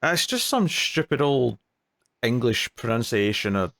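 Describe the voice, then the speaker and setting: A man's voice: medium pitch, big pitch swings, measured pace, gravelly, fairly bright tone. A man co-hosting a comics podcast in casual chat, dry and blunt with mock outrage. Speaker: podcast co-host.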